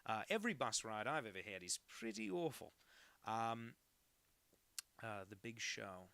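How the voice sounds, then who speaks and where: A man's voice: medium pitch, animated, a little fast, gravelly, sharp tone, no room sound. A young man streaming himself drawing, joking around and reading out chat messages on a home mic setup. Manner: jokey, reads chat messages aloud. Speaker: cartoonist streaming live. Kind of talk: casual livestream chat while drawing. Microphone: home setup, no professional mic.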